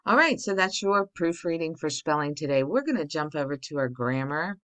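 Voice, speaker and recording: A woman's voice: low voice, expressive, brisk, a bit bright. A middle-aged woman teacher giving a recorded spelling and grammar lesson to children, explaining patiently step by step.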